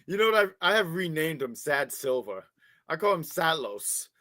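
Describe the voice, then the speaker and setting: A man's voice: fairly high pitch, moderate pace, no echo. A man co-hosting a wrestling review show, talking casually and with feeling, often repeating his words as he starts a thought. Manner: animated, repeats words, baby-talks to his cat.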